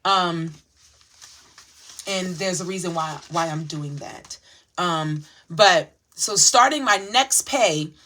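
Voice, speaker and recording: A woman's voice: fairly low pitch, slow, a bit bright. A woman hosting a casual budgeting vlog, chatty and emotional, talking straight to her viewers as she sorts her cash envelopes. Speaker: channel host sharing her budgeting routine.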